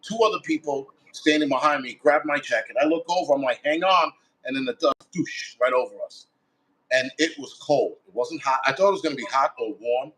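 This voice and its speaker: A man's voice: mid-range voice, a little fast, fairly bright tone, rough recording. A man, a firefighter guest, telling a story in a blunt, casual way with heavy swearing, acting out his own quoted thoughts. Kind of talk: casual first-person storytelling.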